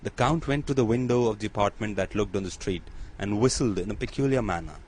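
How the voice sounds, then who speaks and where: Guy reading an old novel aloud, low voice, steady pace, faint hiss behind. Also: fast, poor audio. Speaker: audiobook narrator. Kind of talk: audiobook narration.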